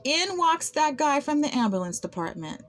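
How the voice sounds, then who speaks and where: A woman with a somewhat high voice speaks straight to the camera in an unscripted personal monologue. She sounds aggrieved and keeps stumbling into repeated words and fresh starts as she goes. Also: big pitch swings, normal speed, fairly bright tone. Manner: aggrieved, with frequent word repetitions and restarts. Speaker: vlogger recounting personal experiences.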